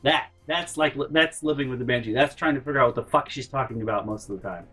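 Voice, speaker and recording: A man hosting a gaming channel, telling a rambling, exasperated story and swearing freely, jumping into loud mock yells. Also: mid-range voice, quick pace, slightly rough, faint music behind. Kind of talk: storytime over gameplay.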